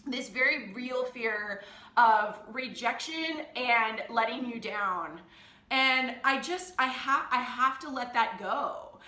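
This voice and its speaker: A woman's voice: fairly high pitch, takes it slowly, sharp tone. A woman life coach talking candidly to her device, emotional and blunt, often laughing as she speaks. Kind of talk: candid confessional vlog. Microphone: phone or camera device. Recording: roomy echo.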